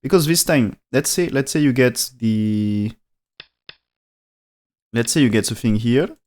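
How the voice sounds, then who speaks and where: A man's voice: medium pitch, animated, a little slow, a little mellow. A man commentating a go game on a live stream, thinking aloud in non-native English with frequent restarts and dropped articles.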